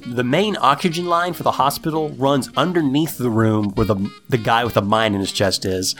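A man casually recapping a TV episode for a podcast, acting out the characters in high, excited voices. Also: normal speed, soft background music. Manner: animated storytelling, acts out characters in high voices. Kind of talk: casual chat.

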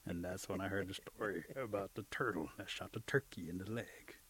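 A man telling an animal folk tale in a relaxed, chatty way with humorous asides. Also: deep voice, a little fast. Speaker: storyteller.

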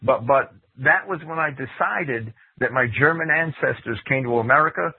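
A man's voice: mid-range voice, moderate pace, breathy edge, no echo. A man hosting a talk show in a casual phone conversation, stammering and repeating his words. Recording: tinny phone line.

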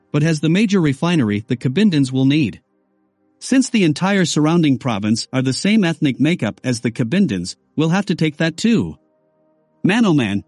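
A man's voice: on the high side, darkish tone, dry recording. A man narrating a first-person novel in a wry, sardonic way. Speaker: audiobook narrator.

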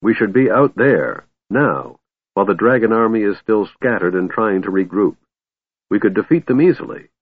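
A man's voice: fairly low pitch, very animated, normal speed, no echo. A man voicing a weary, bitter young elf woman commander, sighing through her lines. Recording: tinny phone-like line, dry.

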